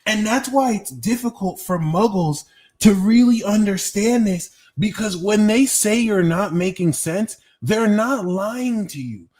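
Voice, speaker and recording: A man's voice: sits high, expressive, measured pace, a little mellow. A young man doing a live-stream tarot reading, talking casually with lots of swearing and slang while answering his chat. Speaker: tarot reader.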